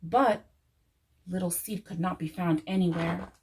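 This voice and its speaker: A woman reading a children's story aloud in church, gentle and expressive, returning to a soothing refrain. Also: lowish voice, unhurried, poor audio.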